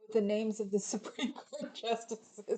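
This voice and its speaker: A woman's voice: a little high, a little slow, darkish tone, low-quality recording. A middle-aged woman from California hosting a livestream, chatting casually and reading viewer comments aloud. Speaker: livestream host reading chat. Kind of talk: casual rambling chat.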